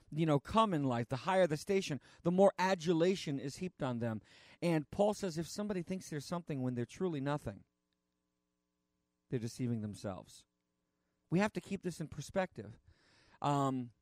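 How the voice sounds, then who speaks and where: A man preaching a sermon in an earnest, halting way, with frequent fillers and restarts. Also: mid-range voice, darkish tone, dry recording, studio quality.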